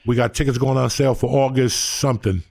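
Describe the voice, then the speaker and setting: Gravelly, crude male podcast host. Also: medium pitch, steady tone, fast, a little mellow, no room sound, studio quality. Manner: boisterous, crude storytelling. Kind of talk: casual podcast chat.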